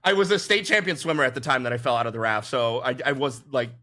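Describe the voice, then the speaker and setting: Man, bright ringing voice, casual podcast chat, animated storyteller, laughs a lot. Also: mid-range voice, quick pace. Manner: animated anecdotes, laughs often.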